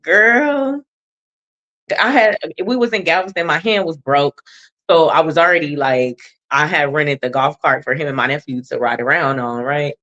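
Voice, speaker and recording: A woman's voice: low-pitched, normal speed, fairly bright tone, highs cut off. A woman co-hosting a casual talk show, telling a blunt, profane story about her son with lots of swearing. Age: adult mother of a son. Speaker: podcast co-host.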